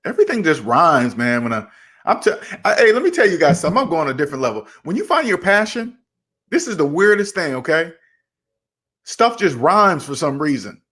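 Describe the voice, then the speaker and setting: A young man hosting a casual livestream about money, animated and acting out both sides of imagined conversations as he answers chat. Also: a little high, brisk, slightly rough. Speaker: finance channel host.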